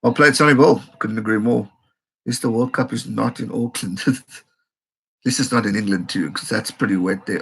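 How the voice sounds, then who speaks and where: Streamer, man, gravelly and husky, excitable, reads out chat comments. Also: medium pitch, normal speed. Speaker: live-stream host. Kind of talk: live match reaction stream.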